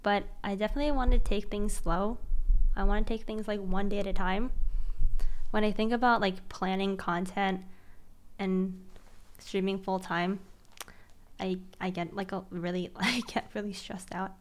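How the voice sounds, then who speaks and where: A young woman streaming, chatting casually and excitedly with viewers, gushing and giggly with lots of slang. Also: mid-range voice, normal speed, pauses often.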